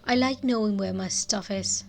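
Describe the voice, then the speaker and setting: A woman's voice: mid-range voice, normal speed, gravelly, close to an everyday voice. A woman voicing a blunt, grumpy young woman who speaks in a dry manner.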